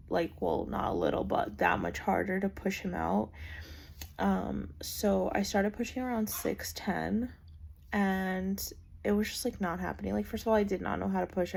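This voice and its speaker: A woman's voice: mid-range voice, creaky, a little mellow, slight background noise. A young adult woman casually telling a personal story, chatty and full of "like" fillers. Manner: chatty, lots of "like" fillers, acts out quoted voices. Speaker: vlogger telling her birth story.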